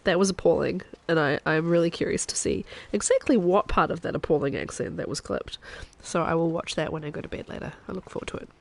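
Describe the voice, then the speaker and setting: A woman's voice: sits low, quick pace, gravelly, hardly any pauses, a little hiss or hum. A woman with a New Zealand accent, chatting self-mockingly through live gaming commentary. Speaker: streamer.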